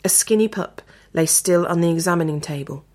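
A woman narrating a story in a measured, expressive reading. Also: fairly low pitch.

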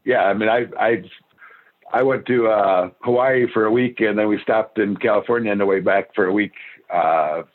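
A man's voice: on the low side, normal speed. A man who boards and minds dogs, chatting casually and rambling, often restarting his sentences. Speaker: dog boarder and pet sitter. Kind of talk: casual chat. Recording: phone-line audio.

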